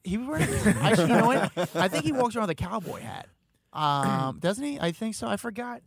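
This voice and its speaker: A man spins rapid-fire anecdotes in a relaxed conversation, his slightly high voice carrying a gravelly edge. He throws himself into the people he quotes and jumps in pitch to play them. The sound is dry and close. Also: dry recording. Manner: animated, acts out quotes with big pitch jumps. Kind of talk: casual storytelling chat.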